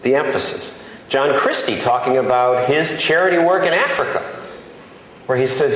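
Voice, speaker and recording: A man's voice: medium pitch, moderate pace, a bit bright. A man who is a journalist, giving an emphatic, plainspoken, self-deprecating speech to an audience in a large conference hall. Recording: very echoey hall, faint background noise.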